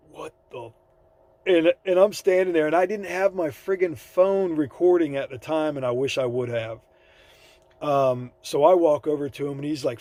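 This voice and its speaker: Man, casual vlogger, rambling storyteller, slightly high voice, dry sound. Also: a little mellow, no echo. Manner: rambling, laid-back storytelling with fillers and quoted dialogue. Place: by his van on the side of the road.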